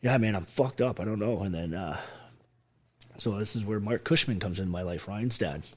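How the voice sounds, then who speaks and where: Veteran guest, man, low-set voice, raw and profane storyteller. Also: normal speed. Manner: profane, blunt, acts out quoted speech. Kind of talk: emotional storytelling on a podcast.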